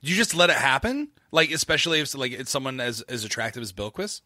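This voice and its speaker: Bright-voiced podcast host from Florida. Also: male voice, mid-range voice, expressive, fast talker, no echo, clean studio sound. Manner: chatty, loose, many fillers and restarts. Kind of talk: casual podcast chat.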